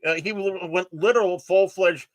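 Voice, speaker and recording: A man's voice: sits high, moderate pace, no echo. A man co-hosting a casual pop culture podcast, teasing and joking with the others. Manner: teasing, jokey, animated. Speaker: podcast co-host. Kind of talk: casual chat.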